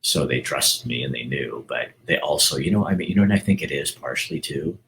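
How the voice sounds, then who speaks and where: A man's voice: very deep voice, lively intonation, fairly quick, a bit bright, slight background noise, rough recording. A middle-aged man hosting a casual monologue, talking earnestly and rambling, with frequent restarts. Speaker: host.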